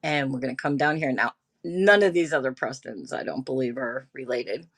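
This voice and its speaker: A woman streamer chatting casually with her viewers, animated and drawn-out, reading documents aloud. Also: very deep voice. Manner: animated, drawn-out, talks to chat. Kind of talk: casual livestream chat.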